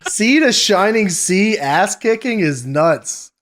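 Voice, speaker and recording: A man's voice: high-pitched, lively intonation, takes it slowly. A man co-hosting a podcast in casual chat, laid-back and reacting with laughs. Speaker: podcast co-host. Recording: loud hiss over the mic.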